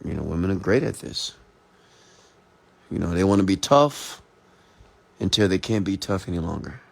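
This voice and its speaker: A man's voice: low-pitched, lively intonation, normal speed, creaky. A man who is an entrepreneur and mentor, delivering a blunt, profane, confrontational late-night motivational rant.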